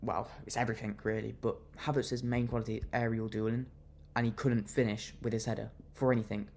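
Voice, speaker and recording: A man's voice: mid-range voice, little pitch movement, a little fast, darkish tone, a little hiss or hum. A young man venting his anger in a fan reaction rant, fuming and repeating himself as he vents. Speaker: football fan vlogger.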